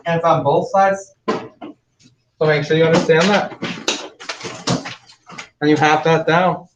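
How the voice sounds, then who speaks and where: A male math teacher giving classroom instructions, slowing down to spell out each step for students. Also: fairly high pitch, steady tone, noisy background. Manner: instructive, slows down to spell out steps. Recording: echoey, distant, dull classroom recording.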